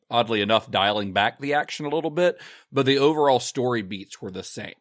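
A man talks casually on a film discussion podcast, telling the story behind a movie with easy chuckles. His voice sits at a middling pitch, recorded dry and close with no room sound. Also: no room sound. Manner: relaxed, recounts film history, chuckles often. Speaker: podcast host.

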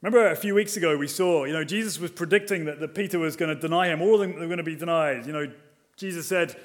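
A man preaching a sermon, moving between emphatic and quiet passages and asking rhetorical questions. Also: a little high, fast. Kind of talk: expository sermon.

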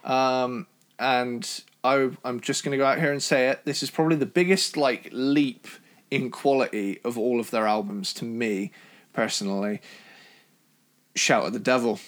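Chatty British man from Cornwall. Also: moderate pace. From Cornwall, England. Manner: enthusiastic, chatty, jumps in pitch when excited. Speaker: podcast co-host reviewing albums. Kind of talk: casual chat.

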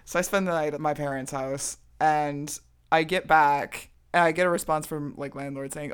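A young woman chatting casually, telling an animated story and acting out the lines she quotes. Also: deep voice, normal speed, clear, resonant tone. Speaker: co-host. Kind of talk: casual chat.

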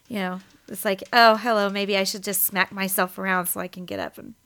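A woman's voice: medium pitch, steady tone, a little fast, a bit bright. Giggly, breathless woman chatting. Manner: giggly, rambling, laughs often. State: short of breath after a respiratory infection. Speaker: podcast co-host. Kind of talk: casual chat.

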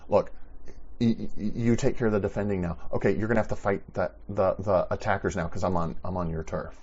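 A man's voice: deep voice, fairly even intonation, fairly quick, a little mellow, husky, lo-fi sound. A man preaching a sermon in an earnest, conversational way, often restarting his sentences. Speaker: pastor.

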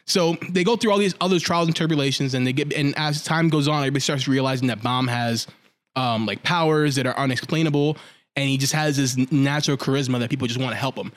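A man's voice: medium pitch, quick pace. A man co-hosting a casual, profane anime podcast, recapping the story and acting out the characters' lines. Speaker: podcast co-host.

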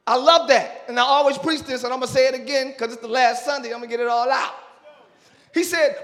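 A male pastor preaching a sermon in church, talking with the congregation and rising into loud shouting praise. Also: very high-pitched, normal speed, long reverb tail. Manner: preaching with call-and-response to the congregation.

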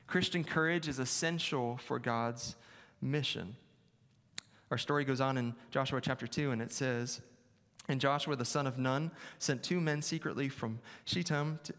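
Pastor preaching in a reverberant hall. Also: male voice, mid-range voice, a bit bright. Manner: conversational, self-deprecating, repeats key phrases. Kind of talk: sermon. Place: church sanctuary. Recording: long reverb of a large hall.

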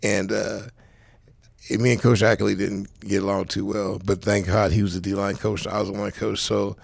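A man's voice: lowish voice, flat delivery, normal speed, creaky, dry recording. A man from South Central Los Angeles, a football coach telling rambling stories with lots of fillers and street slang in a casual interview. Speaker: high school football coach, guest.

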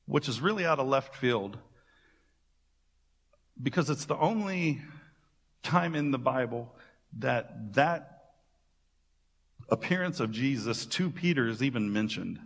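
A man pastor giving a sermon, retelling scripture as casual, animated storytelling with playful asides. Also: medium pitch, a little slow, vocal fry, pauses often, in a large hall.

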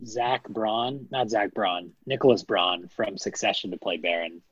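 A man's voice: fairly low pitch, unhurried, husky, highs cut off. A man co-hosting a podcast in casual, playful chat, laughing often. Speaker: podcast co-host.

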